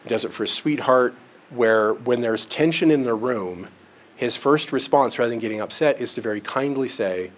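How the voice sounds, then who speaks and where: A man's voice: mid-range voice, moderate pace. A man giving a live presentation in a conference room, talking conversationally, often checking in with his listeners and using homely examples and self-deprecating humor. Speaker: presenter on relationships and counseling.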